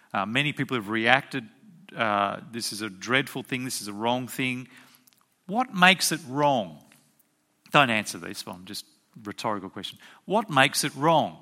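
A man's voice: mid-range voice, bright, forceful tone. A man preaching a sermon as pastor, emphatic and full of rhetorical questions to his congregation.

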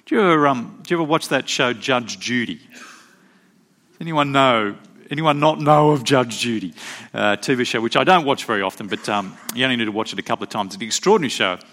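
A man preaching a sermon, telling stories and acting out quotes with animated delivery. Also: fairly quick. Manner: animated storytelling, acts out quotes with rising pitch.

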